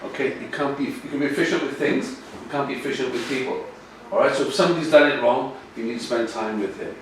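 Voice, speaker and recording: Male coach giving an animated workshop talk, distant mic, echoey room with faint noise. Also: mid-range voice, fast. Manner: lively, animated, addresses audience directly.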